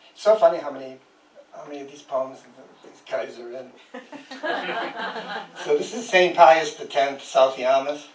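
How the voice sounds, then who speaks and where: Older man reading his poems in a roomy space. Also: mid-range voice. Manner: dry humor, chuckles between poems. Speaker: guest poet. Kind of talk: poetry reading with casual asides. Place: small historic house, indoors. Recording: roomy sound from a distant mic.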